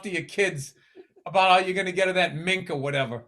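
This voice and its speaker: A man's voice: sits high, brisk, fairly bright tone. A man in his fifties co-hosting a podcast in casual chat, blunt and profane, ranting and teasing his co-host.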